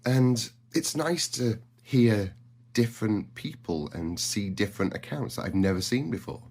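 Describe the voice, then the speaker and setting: A man's voice: on the low side, big pitch swings, normal speed, a little mellow, husky. A man ranting casually to camera, chatty and exasperated, with some swearing. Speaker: content creator. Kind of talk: casual vlog rant.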